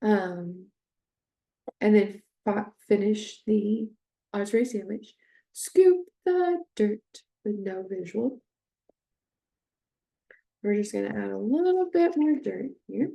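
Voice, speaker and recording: A woman with a mellow, gravelly voice talks slowly through an instructional demonstration. She hesitates often with fillers, then models short phrases with drawn-out, heavily stressed words. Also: medium pitch. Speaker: speech therapy instructor.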